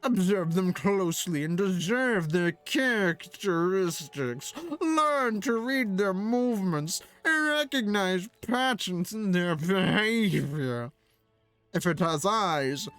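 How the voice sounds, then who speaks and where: A streamer voicing a pompous, condescending male archery guildmaster from a video game, reading his lines in a haughty, drawn-out way. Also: mid-range voice, sing-song, fairly bright tone, no room sound, soft background music. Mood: scornful. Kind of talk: reading game dialogue aloud.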